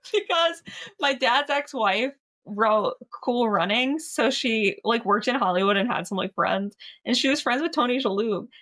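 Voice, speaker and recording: A woman's voice: on the high side, animated, measured pace, a bit bright. A young woman co-hosting a casual podcast, telling anecdotes and laughing. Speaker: podcast co-host. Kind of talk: casual chat.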